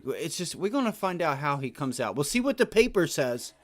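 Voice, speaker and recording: A man's voice: fairly high pitch, sing-song, a little fast. Casual slangy male livestream trader. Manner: casual slangy talk that rises to loud rants. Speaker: day trading livestream host. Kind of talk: live market commentary.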